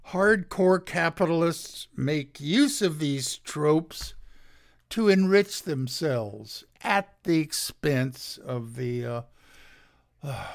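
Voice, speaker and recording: Guy with a dry throat reading his notes out real slow, sarcastic, kinda creaky. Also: fairly high pitch. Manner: slow, deliberate, sardonic, many pauses and fillers. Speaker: podcast host. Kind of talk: reading political commentary from notes.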